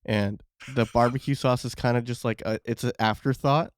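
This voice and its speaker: Young dude co-hosting, excited and chatty, dry mic. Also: male voice, medium pitch, moderate pace, dry recording. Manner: enthusiastic, chatty. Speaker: podcast co-host. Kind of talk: casual chat.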